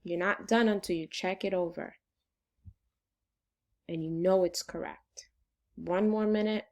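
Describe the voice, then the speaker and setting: A woman teaching a recorded phonics lesson to second graders, speaking clearly and patiently and dictating spelling words slowly. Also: on the low side, steady tone, darkish tone.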